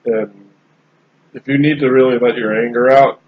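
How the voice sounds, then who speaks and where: A man in casual podcast chat, talking in a relaxed, rambling way with frequent restarts. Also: mid-range voice, normal speed. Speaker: podcast host. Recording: slightly dull lo-fi sound with faint background noise.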